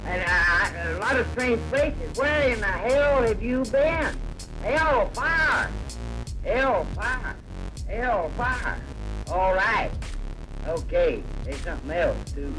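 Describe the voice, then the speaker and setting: An actor playing a fiery preacher who rises to shouts about hellfire in a film clip. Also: male voice, high voice, animated, slow, low-quality recording. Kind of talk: film dialogue. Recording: film clip with loud music.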